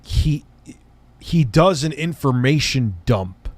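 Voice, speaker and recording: A streamer host chats casually on a livestream, rambling through crude, profane jokes as he reacts. His voice is mid-range and expressive, slow, with no echo.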